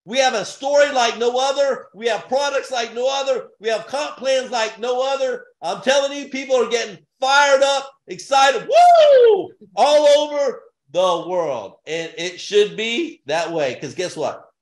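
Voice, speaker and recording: A man giving an energetic business opportunity pitch in punchy, repetitive short phrases with bursts of excitement. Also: measured pace, few pauses. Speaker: sales presenter. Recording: roomy echo.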